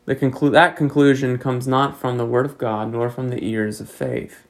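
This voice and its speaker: A male pastor preaches in a measured, earnest manner, building up to pointed rhetorical questions. His middle-pitched voice has a gravelly, fry-tinged edge, and the audio quality is poor.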